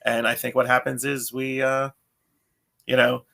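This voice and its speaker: A man's voice: mid-range voice, level tone, unhurried, gravelly, pushed and bright, slight background noise. A man in his thirties co-hosting a podcast, rambling in casual chat, often restarting his sentences and laughing. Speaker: podcast co-host.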